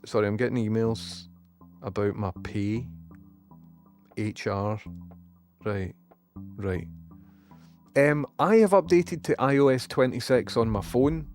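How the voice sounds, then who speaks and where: A Scottish man hosting a live stream in a loose, excitable chat. His voice sits at an ordinary middle pitch, and he swears freely as he reads out viewers' messages. Faint music plays quietly under his talk. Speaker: livestream host.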